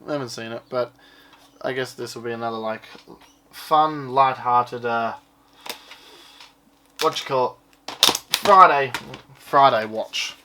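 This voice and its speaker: Speaking unhurriedly with frequent pauses, this man has a steady, slightly bright medium-pitched voice over light background noise. He casually unboxes and shows off items he's bought, rambling in an offhand way with occasional swearing.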